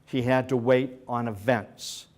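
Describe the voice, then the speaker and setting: Animated male history lecturer, joking asides. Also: mid-range voice, unhurried. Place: senior center hall.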